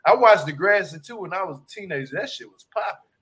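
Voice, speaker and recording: A man with a high, bright voice, talking in a casual joking chat. He tells stories loudly and with lots of slang, laughing as he goes. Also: fast talker. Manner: loud, laughing, slangy, animated storytelling.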